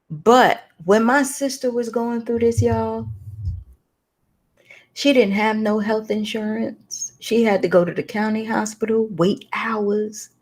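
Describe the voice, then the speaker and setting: A woman host with a highish, slightly mellow voice speaks slowly and with a steady tone. She tells a personal story with emotion and preacher-like emphasis, addressing listeners as "y'all."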